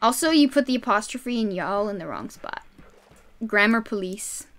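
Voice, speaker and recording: A woman streaming a game live, excitable and yelling her reactions, her throat sore from shouting. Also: medium pitch, moderate pace.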